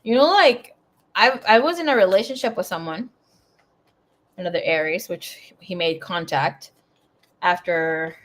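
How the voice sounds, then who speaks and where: A woman's voice: lowish voice, measured pace, long pauses, fairly bright tone. A woman giving a casual tarot reading in a chatty, blunt way, swearing freely as she talks. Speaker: tarot reader.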